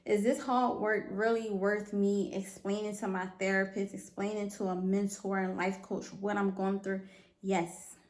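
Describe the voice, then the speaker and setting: An earnest woman hosts her own podcast, speaking emphatically and circling back to the same phrases. She keeps asking the listener whether they follow her. Her voice sits at a middle pitch and rings a little in an echoey room. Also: flat delivery, normal speed, hardly any pauses, a little mellow. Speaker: podcast host. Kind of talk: motivational solo podcast talk.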